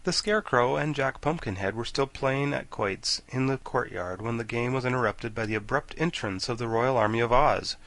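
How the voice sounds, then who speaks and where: A man narrating a children's classic for an audiobook in an expressive storytelling manner. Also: medium pitch, moderate pace, gravelly, few pauses. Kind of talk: scripted narration.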